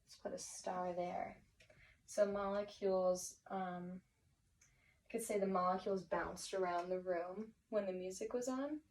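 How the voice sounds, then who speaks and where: A woman's voice: mid-range voice, fairly even intonation, measured pace, darkish tone, recorded from a distance, low-quality recording. A woman teaching a vocabulary lesson, encouraging and thinking aloud with many fillers and restarts.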